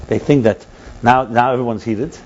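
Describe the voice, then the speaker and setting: A man teaching a text study class as a rabbi, animated, repeating and restarting words and mixing Hebrew terms into his explanations. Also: mid-range voice, normal speed, lo-fi sound, slight background noise.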